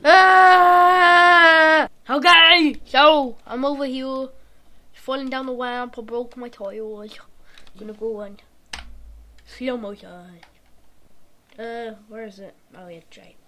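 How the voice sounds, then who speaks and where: A woman's voice: on the high side, steady tone, slow pace, long pauses, pushed and bright. A young woman giving casual, rambling commentary while playing a driving game, humming little tunes between remarks. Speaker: gaming video creator. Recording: clear game engine noise behind.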